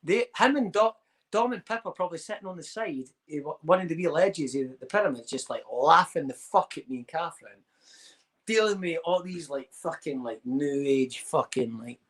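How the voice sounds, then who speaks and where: Man, husky, slightly high pitch, casual storytelling. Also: moderate pace. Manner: swearing, animated anecdote-telling with acted quotes. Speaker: podcast host.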